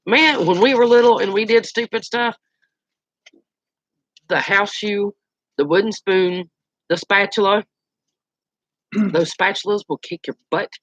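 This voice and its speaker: Animated storyteller, lo-fi. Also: medium pitch, measured pace, long pauses, dry recording. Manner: animated, colloquial, exclaiming. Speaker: outdoors channel host. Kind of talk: casual storytelling. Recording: dull lo-fi dry recording.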